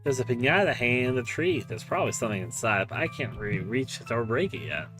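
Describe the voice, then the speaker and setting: A man, a game developer, giving quiet, offhand commentary while playing his game. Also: expressive, quick pace, music in the background. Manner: low, quiet, offhand asides.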